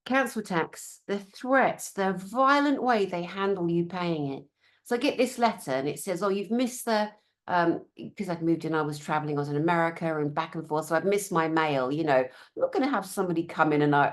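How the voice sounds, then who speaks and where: A woman's voice: lowish voice, brisk. A woman from Britain with a British accent, giving a conference talk. She is blunt, sarcastic and swears freely, and she mocks officials in put-on voices. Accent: British English. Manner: animated, sarcastic, mimics officials in mocking voices. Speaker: conference speaker.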